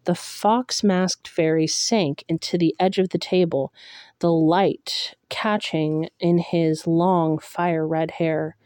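Slow, dark-voiced woman reading a novel. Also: deep voice, no room sound, studio quality. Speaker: audiobook reader. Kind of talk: first-person novel reading.

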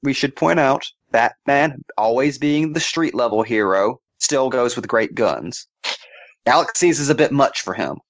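A man's voice: mid-range voice, lively intonation, unhurried, no room sound, muffled recording. A man co-hosting a comics podcast, cracking sarcastic jokes. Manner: sarcastic wisecracks, jokey voices. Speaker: podcast co-host. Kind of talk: casual comic book banter.

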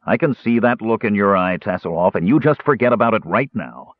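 A man voicing a big, weary warrior who talks gruffly and sternly. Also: on the low side, lively intonation, a little fast, dry recording. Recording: tinny phone-like dry recording.

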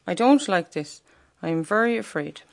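An Irish woman voicing a frightened young schoolboy who is afraid of the dark. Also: medium pitch, expressive, moderate pace, creaky. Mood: scared. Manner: timid, fearful.

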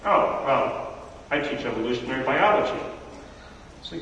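Animated man speaking in an echoey hall. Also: mid-range voice, measured pace, distant mic, highs cut off, slight background noise. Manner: animated storyteller acting out dialogue. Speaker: speaker teaching a church audience. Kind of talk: lively talk to a live audience. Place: large hall with audience.

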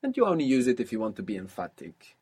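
A man's voice: mid-range voice, huge pitch swings, fast, a little mellow, slightly rough. A man teaching a language lesson, patiently prompting and explaining.

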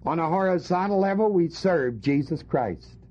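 A man's voice: fairly high pitch, lively intonation, normal speed, darkish tone. A male preacher teaching a Bible passage to his congregation, emphatic and fond of rhetorical questions. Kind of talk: sermon. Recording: dull lo-fi recording.

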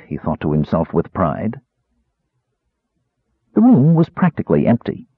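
A man narrating a fantasy audiobook with a very expressive delivery. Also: deep voice, measured pace, pauses often, husky, no echo. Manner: very expressive, wide-ranging delivery. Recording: dry, tinny phone-like sound.

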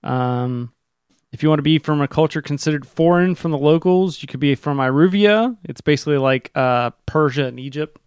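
Man, game master, smooth clear voice, slightly high, dry sound, halting explanations. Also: no echo. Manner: casual, halting, with many fillers. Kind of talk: explaining game rules to players.

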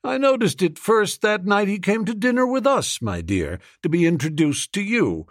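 A man voicing an older, stern but warm uncle who talks in a measured, lecturing way. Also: high voice, big pitch swings, no echo, studio quality, pitched above the performer's own voice, full character voice. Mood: genial.

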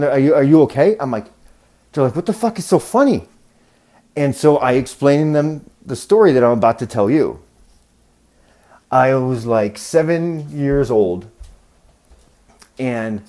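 A man tells long, rambling stories on his podcast, swearing freely and slipping into quick impressions of the people he talks about. His voice sits at an ordinary middle pitch, and the tone stays casual and loose throughout. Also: a little mellow. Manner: profane, rambling, acts out quoted voices. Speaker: podcast host. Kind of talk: casual storytelling monologue.

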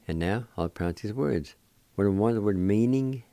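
Older male radio host, deep and dry, unhurried teacher who repeats each syllable. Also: warm tone, no echo. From Cherokee Nation, Oklahoma. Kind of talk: slow spelled-out language lesson.

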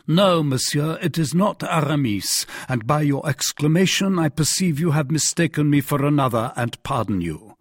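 Casting: male narrator doing a composed noble duke, authoritative, husky, lively. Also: fairly high pitch, dry recording, clean studio sound, pitched above the performer's own voice. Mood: cool. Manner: measured, authoritative. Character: noble foreign duke, calm and commanding.

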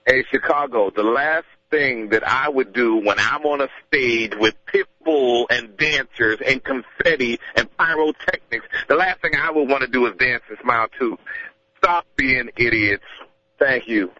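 A man's voice: medium pitch, a little slow, bright, forceful tone, no echo, lo-fi sound. A man calling in to sports radio, scolding the rival fans sarcastically. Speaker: caller.

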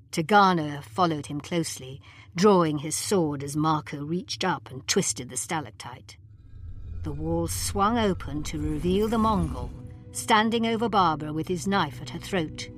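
A woman narrating an audiobook in a measured, even manner. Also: deep voice. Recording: long reverb.

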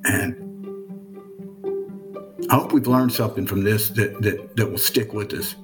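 A man with a Southern American accent speaks in a low voice, reflective and halting, often repeating words as he gathers his thoughts. Faint music sits under his voice. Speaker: newspaper journalist guest. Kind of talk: interview answer.

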